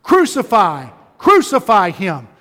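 A man shouting as an angry crowd, chanting demands in a sermon. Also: high voice, huge pitch swings, takes it slowly, big-room sound, exaggerated voice.

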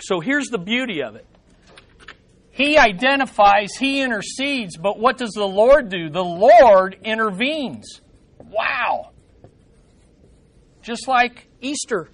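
A male pastor preaching a sermon with passion, swinging between loud emphasis and hushed drops, asking the congregation questions and adding playful asides. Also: high-pitched.

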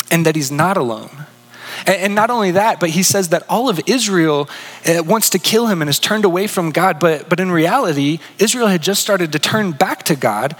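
A man delivers a sermon in a fairly high voice. He talks earnestly, asks his listeners questions and often sinks into a soft hush. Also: husky, in a large hall, low-quality recording. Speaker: pastor.

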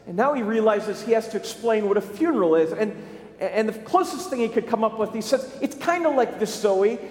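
High-voiced pastor telling a story. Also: male voice, animated, a little mellow. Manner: repetitive, halting storytelling. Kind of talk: storytelling sermon. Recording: echoey, reverberant space.

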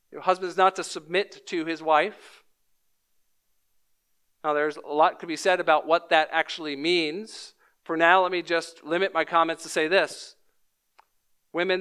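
A man in his thirties preaching a sermon as pastor, measured and emphatic, repeating key lines. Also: sits high, pushed and bright, clear, resonant tone.

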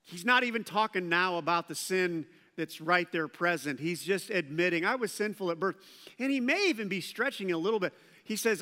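A man preaching a sermon as pastor, animated and acting out quoted voices. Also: sits high, a little fast. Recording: long hall reverb.

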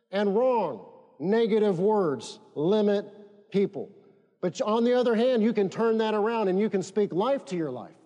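A man's voice: sits high, mellow, in a large hall. A man preaching a sermon, leading the congregation to repeat phrases after him. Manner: emphatic, leads congregation in call-and-response. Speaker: pastor.

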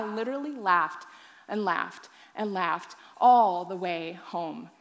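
A woman pastor telling a personal testimony in a sermon, acting out her own past thoughts with animated storytelling. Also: on the high side, unhurried, big-room sound.

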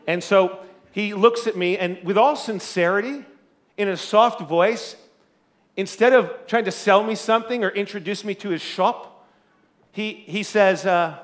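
Pastor, male, high-pitched, loud and animated, preaching through a story. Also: unhurried. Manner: loud speaking voice. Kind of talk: sermon.

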